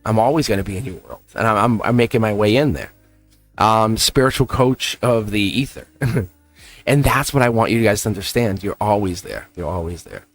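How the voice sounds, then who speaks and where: With a fairly low voice and a brisk delivery, the tarot reader chats on his livestream in a dry recording with soft music underneath. He sounds encouraging and laughs regularly.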